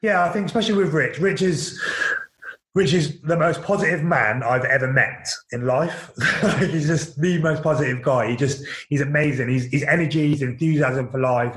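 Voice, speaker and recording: A man recounts his playing days in a relaxed, open way. He restarts sentences often and leans on fillers. His voice bounces around an echoey room. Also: mid-range voice. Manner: candid, repeats words, many fillers. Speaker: former professional footballer, guest. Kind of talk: casual interview storytelling.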